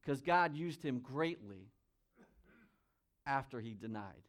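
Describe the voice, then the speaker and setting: A man preaching a sermon. He reads scripture aloud, comments on it, and swings between loud emphasis and quiet asides. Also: mid-range voice, expressive, takes it slowly. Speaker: pastor.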